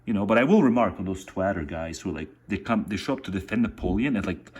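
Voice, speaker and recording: A man's voice: sits low, animated, quick pace, darkish tone, husky. A man vlogging in a casual, meandering way, full of filler words, talking while making dinner. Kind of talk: casual rambling monologue.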